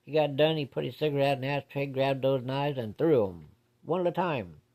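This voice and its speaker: A man's voice: mid-range voice, a little fast, a little mellow. Folksy man telling a ghost story. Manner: folksy, plain-spoken with casual swearing.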